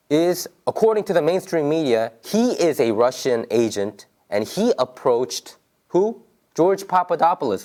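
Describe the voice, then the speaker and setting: A man's voice: medium pitch, darkish tone. A man whose first language is Korean, giving a political commentary monologue in English with emphatic rhetorical questions and frequent repetition.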